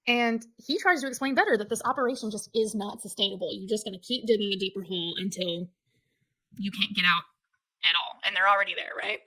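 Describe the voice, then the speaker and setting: A woman co-hosts a podcast and walks through a movie's plot in casual chat. She slips into quick impressions of the characters' lines. Her voice sits at a middle pitch. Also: pushed and bright, low-quality recording. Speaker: podcast co-host.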